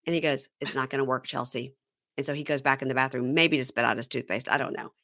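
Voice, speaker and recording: A woman hosting a casual podcast, retelling reality show scenes with lively acted-out quotes. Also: a bass voice, fast talker, no room sound, clean studio sound. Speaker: podcast host. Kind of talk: casual recap chat.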